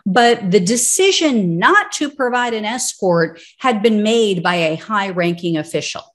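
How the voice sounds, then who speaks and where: A woman commenting on political news, reading out court records and breaking into sarcastic, indignant asides. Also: medium pitch.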